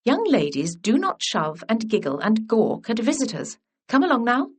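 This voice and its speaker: A woman voicing a composed young governess who speaks crisply and coolly. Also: fairly high pitch, big pitch swings, normal speed. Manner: crisp and cool.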